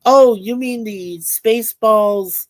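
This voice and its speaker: A woman's voice: on the high side, slow pace. A woman co-hosting a livestream, chatting casually and reading viewer comments aloud with frequent filler words. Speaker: livestream co-host.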